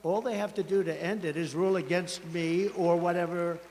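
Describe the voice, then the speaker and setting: A man's voice: sits high, steady tone, a little fast, darkish tone. A man giving a campaign rally speech as a politician, rambling and emphatic, often repeating himself. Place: large rally venue. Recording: long hall reverb at a big rally.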